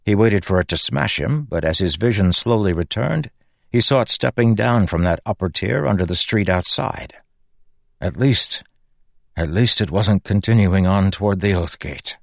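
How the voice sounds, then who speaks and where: A man with a low, deep voice reads an action scene in a measured, dramatic audiobook style. The recording is dry and close to the mic, with no room sound. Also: no echo. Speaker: narrator. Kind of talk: audiobook narration of fantasy fiction.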